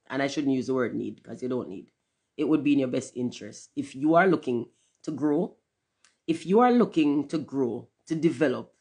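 A woman talking candidly to her viewers in a casual livestream monologue, cursing freely and slipping into patois. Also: husky. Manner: candid, profane, swings between loud emphasis and low murmurs; drifts into patois phrasing. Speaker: channel host.

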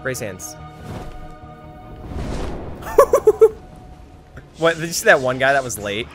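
A man streaming a video game, joking, swearing and excited, a little drunk. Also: medium pitch, fast talker, faint music behind. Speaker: gamer streamer. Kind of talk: casual let's-play commentary.

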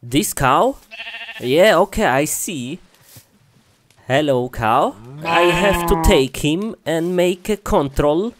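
A woman's voice: deep voice, expressive, slow pace, long pauses. A woman playing an animal doctor who speaks broken English and coaxes a cow in a comic skit. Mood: businesslike. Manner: broken English, coaxing and sing-song.

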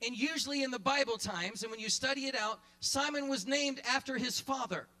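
A male pastor preaching a sermon in church, repeating his phrases and building to shouts, then dropping into quick quiet asides. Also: very high-pitched. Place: church sanctuary.

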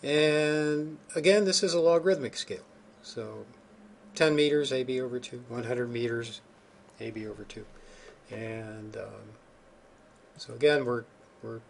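A man's voice: medium pitch, unhurried, creaky, pauses often, slight background noise. A man giving a recorded geophysics lecture over slides, informal and thinking aloud, with many ums and restarts.

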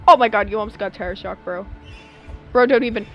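A young woman talks quickly at a medium pitch through lo-fi sound while streaming a game. She jokes with chat in a casual, animated way, with game music faintly audible underneath.

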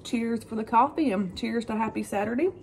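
A woman's voice: a little high, a little fast, slight background noise. A woman, chatting casually to camera as she cooks and tastes breakfast. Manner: chatty, relaxed, says "y'all". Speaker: vlogger. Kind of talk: casual cook-with-me chat.

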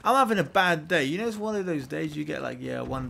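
A young man giving gameplay commentary, ranting and swearing, swinging between yelled outbursts and low muttering. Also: expressive, fast, creaky. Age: young adult. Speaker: gamer.

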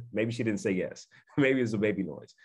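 A man's voice: lowish voice, lively intonation, moderate pace, a little mellow, slightly rough. A man giving an emphatic motivational talk on a video call, repeating phrases and often checking in with his listeners. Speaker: network marketing speaker.

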